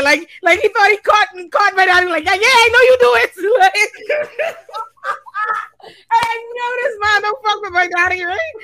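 Bahamian woman, lawyer type, lively swearing storyteller; high, bright, dry close mic. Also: no echo. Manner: animated, profane, laughs often. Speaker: lawyer and panelist. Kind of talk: casual chat, storytelling.

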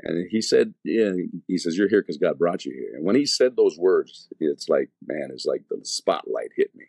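Deep husky man telling a slangy testimony. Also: very animated, normal speed, a little mellow, no echo. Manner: slangy, many fillers and restarts. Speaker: evangelist telling his testimony. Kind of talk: casual testimony storytelling.

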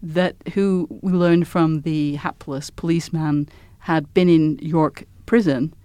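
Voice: mid-range voice, fairly even intonation, slow pace, warm tone, smooth, no echo. A podcast co-host in casual, agreeable chat about a TV drama, laughing easily.

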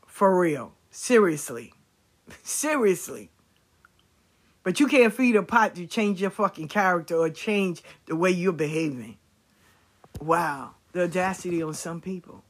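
A woman's voice: on the high side, fairly bright tone. A woman speaking casually to her viewers, blunt and profane, repeating her points for emphasis. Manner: emphatic repetition.

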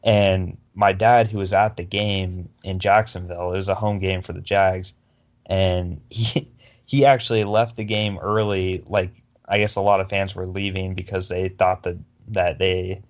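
Low-voiced young man rambling about sports. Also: flat delivery, unhurried, muffled recording. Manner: rambling, many fillers and restarts. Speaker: podcast co-host. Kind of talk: casual sports chat.

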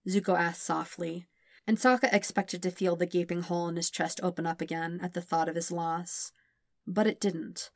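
A woman narrates a story aloud, reading fan fiction in an even, gentle way. Her voice sits on the low side and the recording is dry and close. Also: moderate pace, no room sound. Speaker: podfic reader.

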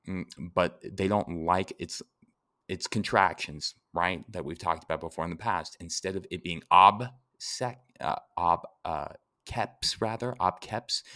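Male podcast lecturer, very low voice, chatty and meandering, dry close mic. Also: pushed and bright, dry recording. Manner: conversational, rambling with fillers and self-corrections. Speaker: anatomy and etymology instructor.

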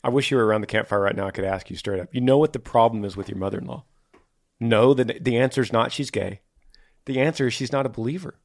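A man's voice: medium pitch, fast talker, vocal fry. Emphatic man preaching straight talk. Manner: emphatic and preachy, rising to forceful conviction. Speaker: podcast co-host. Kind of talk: casual faith advice chat.

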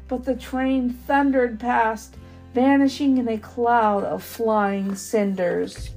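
A woman reading a children's storybook aloud, expressive with dramatic pauses. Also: fairly high pitch, soft background music.

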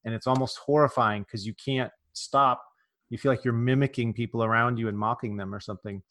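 Host, male, from rural California, casual interview, jokey and quick to laugh. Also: mid-range voice, fairly even intonation, fairly bright tone. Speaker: podcast host.

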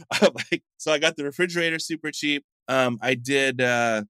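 Middle-aged guy from the states, bright forceful voice, rambly chatty storyteller, dry close sound. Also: medium pitch, dry recording. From United States. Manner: chatty, rambling anecdotes with frequent fillers. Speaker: coffee shop founder, guest. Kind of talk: casual interview storytelling.

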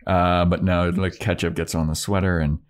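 Deep-voiced man recapping with playful voices. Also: level tone. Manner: retells scenes doing quick character voices, swears casually. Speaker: podcast co-host. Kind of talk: casual recap chat.

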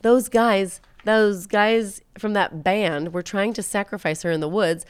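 A woman's voice: mid-range voice, fairly even intonation, a little slow, smooth, no echo, natural voice. A woman reading as an anxious teen girl. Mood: earnest. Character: anxious teenage girl investigating her friend.

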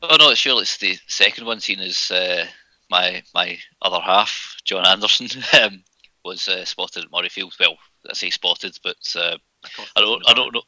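Deep voiced scottish guy, really bright sharp tone, laid-back chat, hesitant. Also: normal speed, no echo, rough recording. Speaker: podcast co-host and rugby writer. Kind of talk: casual podcast chat.

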